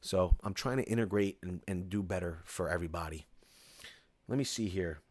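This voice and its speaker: Man, Philadelphia accent, middle-aged, low-pitched, dry close mic, casual rambling live Q&A. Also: normal speed, dry recording. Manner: rambling, restarts often, reads comments aloud. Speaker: construction company host answering viewer questions. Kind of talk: casual live-stream Q&A chat.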